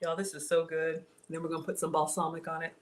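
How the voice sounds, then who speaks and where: A woman's voice: deep voice, completely flat delivery, quick pace, noisy background. A woman hosting a casual cooking livestream, chatting with viewers about her food and reading their comments. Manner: chatty, reads viewer comments, says y'all.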